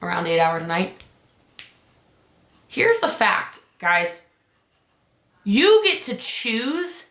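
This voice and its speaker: A woman business coach giving an urgent motivational talk, her voice climbing high on key points. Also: sharp tone, reverberant.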